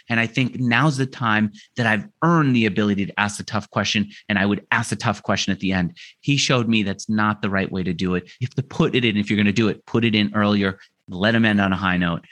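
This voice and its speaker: Animated man telling stories. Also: lowish voice. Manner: animated, acts out quoted dialogue. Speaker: podcast guest. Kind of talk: conversational storytelling.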